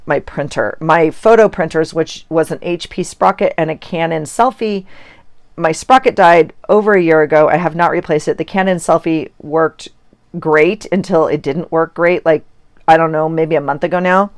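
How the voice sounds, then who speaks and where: A middle-aged woman talks through her crafting in a loose, rambling chat, often breaking into giggles. Her voice sits a little low. The sound is dry, with hardly any room around it. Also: normal speed, dry recording. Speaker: journaling vlogger. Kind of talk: casual chat while crafting. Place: home office.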